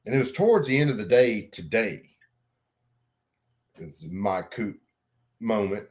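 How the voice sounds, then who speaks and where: A man's voice: fairly low pitch, animated, measured pace. A middle-aged man telling a story in a casual vlog, rambling, swearing freely and laughing at himself. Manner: rambling, profane, self-mocking, laughs a lot. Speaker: vlogger.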